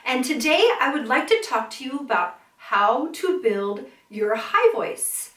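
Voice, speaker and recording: A woman's voice: high-pitched, animated, moderate pace, a bit bright, echoey room, far from the mic. A woman vocal coach teaching a singing lesson, breaking into siren sounds and sung notes to demonstrate.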